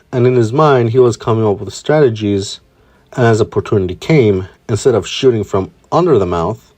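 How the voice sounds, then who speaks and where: A man narrating a fan-fiction story in a plain, steady reading voice. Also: medium pitch.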